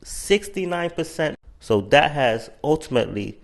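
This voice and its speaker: A man hosting a channel, giving measured, news-style commentary and citing figures. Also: a little high, lively intonation, gravelly. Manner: measured, matter-of-fact, cites figures.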